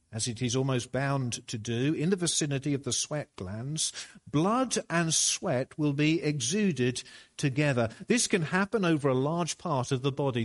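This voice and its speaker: A man preaching a sermon, slow and deliberate, building to emphatic peaks. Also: on the high side.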